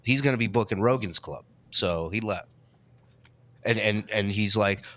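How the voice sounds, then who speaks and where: A man's voice: fairly low pitch, measured pace, a bit bright. A man co-hosting a podcast, telling stories in casual, profane, emphatic chat. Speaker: podcast co-host.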